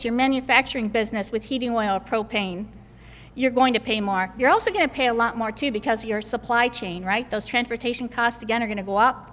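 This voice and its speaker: A woman's voice: on the high side, a bit bright. A woman state senator giving a floor speech in a legislative chamber, stressing her points by repeating them. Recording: long echo of a large chamber.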